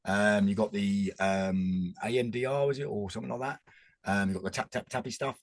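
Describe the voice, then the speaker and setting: A man's voice: on the low side, fairly even intonation, brisk, no echo. A man, talking earnestly and rambling in a casual chat as a podcast guest. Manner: rambling, restarts often, earnest.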